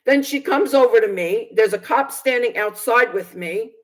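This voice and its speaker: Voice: medium pitch, moderate pace, a bit bright, poor audio. A Bible teacher on a video channel telling a personal testimony, indignant and hesitant, with many fillers and restarts. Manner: aggrieved, indignant.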